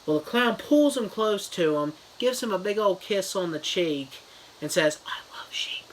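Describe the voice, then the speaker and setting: A man's voice: sits high, expressive, a little slow, a little hiss or hum, low-quality recording. A man retelling a story as a mock review, in a loose, rambling style full of fillers. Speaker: comedy reviewer.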